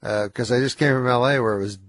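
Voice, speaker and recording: A man guesting on a radio show, talking in a nasal, low, slightly slurred voice, dry and hesitant, tired and stuffed up from cold medicine. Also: fairly even intonation, fast, dry recording. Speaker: comedian guest. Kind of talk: casual radio interview. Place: radio studio.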